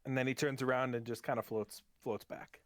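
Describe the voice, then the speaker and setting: A man running a tabletop game as dungeon master, narrating casually with many pauses and restarts. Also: medium pitch, little pitch movement, a bit bright, no echo, studio quality. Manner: loose, halting narration with many ums and restarts.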